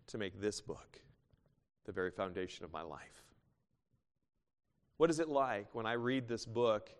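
A man pastor preaching a sermon, moving between loud emphatic bursts and soft hushed asides. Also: mid-range voice. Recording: long hall reverb.

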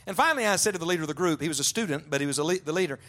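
A man preaching a storytelling sermon in a conference service. His voice sits a little high, and he often drops to a hushed, low tone for emphasis. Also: expressive, racing. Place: large church auditorium.

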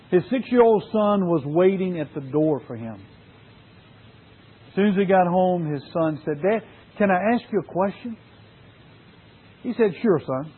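Preacher man, earnest sermon, high husky voice, tinny phone-line sound. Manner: earnest, emphatic repetition.

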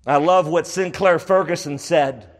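A man's voice: on the high side, unhurried, in a large hall. A man preaching a sermon as pastor, emphatic and repeating key phrases for stress.

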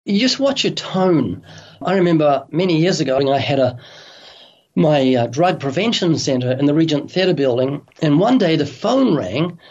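A man's voice: fairly high pitch, animated, moderate pace, a little mellow, lo-fi sound. A man speaking as an evangelist guest on a radio interview, earnest and urgent as he tells vivid illustrations.

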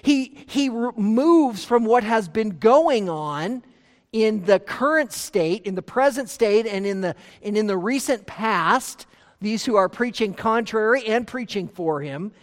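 A man preaching an expository sermon as pastor. He is emphatic, swings from loud to hushed, and slows down to read scripture aloud. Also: high-pitched, lively intonation. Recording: long reverb of a large hall.

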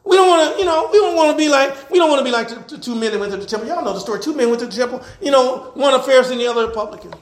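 A man preaching a sermon as pastor. He swings from loud to hushed and laughs as he preaches. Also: very high-pitched, animated, racing, hardly any pauses, reverberant. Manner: laughs while preaching, acts out quoted voices.

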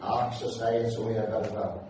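A man's voice: mid-range voice, little pitch movement, fairly quick, warm tone, slight background noise. A man preaching a testimony sermon, telling the story with fervor and folksy asides. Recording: echoey hall, distant mic.

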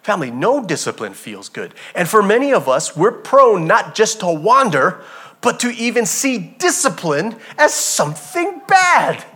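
A man preaching a sermon as pastor, telling stories with animated energy and addressing the congregation as family. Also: high voice, unhurried, slightly rough.

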